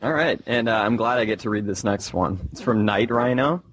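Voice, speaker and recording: A man's voice: fairly low pitch, brisk, background noise. Easygoing rambling male podcast guest. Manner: easygoing, rambling, lots of "like" and "I mean". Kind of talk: casual podcast chat.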